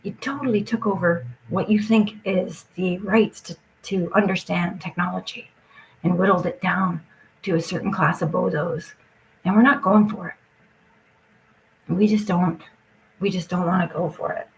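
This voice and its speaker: A woman's voice: lowish voice, steady tone, normal speed, gravelly, a little hiss or hum, low-quality recording. A woman talking straight to her audience in an agitated, rambling rant, swearing often and jumping from point to point.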